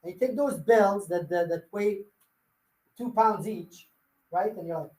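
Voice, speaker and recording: A man's voice: high-pitched, normal speed, a little mellow. Straight-talking guy running a sales workshop, lots of "can i change it? no.", roomy echo. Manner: blunt, fires rhetorical questions at the audience. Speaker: real estate sales trainer. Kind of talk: live coaching workshop.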